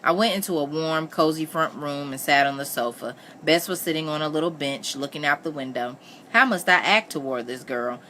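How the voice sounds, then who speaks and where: A woman reading a novel aloud in steady first-person narration. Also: sits low, a little fast, a little hiss or hum. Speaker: reader.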